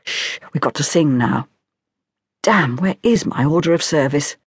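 A woman's voice: deep voice, expressive, measured pace, slightly rough, no room sound, clean studio sound, full character voice. A woman whispering as a catty society lady. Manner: hissing, catty. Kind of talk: whispered role-play.

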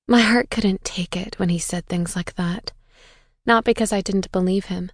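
A woman's voice: mid-range voice, moderate pace, no room sound, studio quality. A woman reading a first-person audiobook with an intense, bitter, dramatic delivery. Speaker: audiobook narrator.

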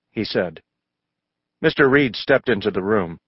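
A man reading a children's storybook aloud, narrating in a lively way and raising his voice for the characters. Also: measured pace, dry recording, muffled recording. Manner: raises pitch for child and mother voices. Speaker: audiobook narrator.

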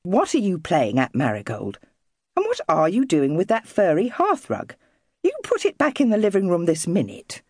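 A woman's voice: on the low side, huge pitch swings, normal speed, a little mellow, breathy edge, dry recording, studio quality, heavily acted. A woman voicing a mother of five who is firm but soothing. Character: brisk, caring mother of five.

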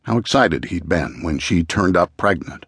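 A man narrating a true-crime audiobook in a measured, even storytelling manner, close to a studio mic. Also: low voice, husky, no echo.

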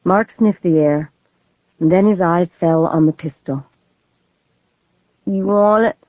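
Woman reading a thriller audiobook, slow and steady, tinny phone-line sound. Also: sits low, no room sound. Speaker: audiobook narrator. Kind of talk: scripted narration of a legal thriller.

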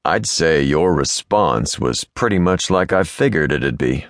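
A man voicing a rough outlaw cowboy with a slow drawl in a Western audiobook. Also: extremely low pitch, lively intonation, dry recording, studio quality, pitched below the performer's own voice, full character voice. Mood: teasing.

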